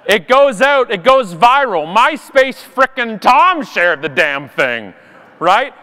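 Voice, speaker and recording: Man, sharp-witted keynote storyteller, high voice, long reverb of a big hall. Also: big pitch swings, takes it slowly. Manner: sarcastic, punchy storytelling. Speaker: conference speaker. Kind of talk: comedic keynote talk. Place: large conference hall.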